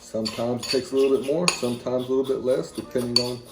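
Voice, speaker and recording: A man's voice: mid-range voice, fairly even intonation, fast, echoey room, very noisy. A man with a Southern accent hosting a home cooking video, talking plainly and folksy with rambling asides as he walks through a recipe in his kitchen. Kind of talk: casual cooking demonstration.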